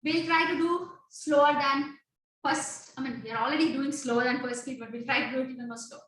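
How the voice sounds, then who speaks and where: A woman's voice: high voice, fairly quick, a bit bright. A woman teaching an online dance class to children over a video call, chanting sung syllables to set the beat and calling on students by name with short instructions. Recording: very echoey room, voice from a distance.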